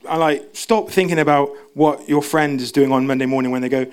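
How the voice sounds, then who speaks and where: Briskly and with few pauses, a young man gives a relaxed church sermon in a clean tone. He chats along, cuts himself off, and performs quoted voices at a higher pitch.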